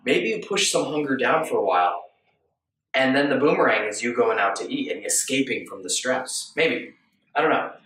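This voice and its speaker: Male coach, calm musing delivery full of questions, roomy echo, sits back from the mic. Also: mid-range voice, normal speed, a little hiss or hum. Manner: gentle, musing, rhetorical questions. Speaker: mindful eating coach. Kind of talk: reflective self-help talk. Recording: echoey room, distant from mic.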